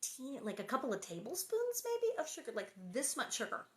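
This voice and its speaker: With a high voice and huge swings in pitch, a woman reads a children's novel to her viewers at normal speed. She keeps stopping for chatty, playful remarks and answers to comments.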